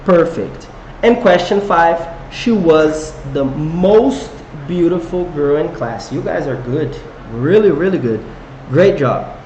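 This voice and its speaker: Slow-paced, encouraging male English teacher. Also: fairly high pitch, expressive, a little mellow, roomy sound, highs cut off, a little hiss or hum. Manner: encouraging, quizzes viewers with questions. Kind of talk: live online English lesson.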